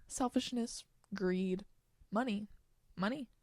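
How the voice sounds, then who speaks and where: A young woman hosting her own solo podcast, ranting heatedly with frequent swearing and quick bursts of anger. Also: medium pitch, a little mellow, dry recording, clean studio sound. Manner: heated, swearing, rapid outbursts. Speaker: podcast host.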